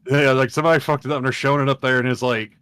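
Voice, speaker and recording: A man's voice: mid-range voice, steady tone, rapid-fire, a crowd in the background. A man co-hosting a podcast, telling long, rambling, profane stories in casual chat. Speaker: podcast co-host.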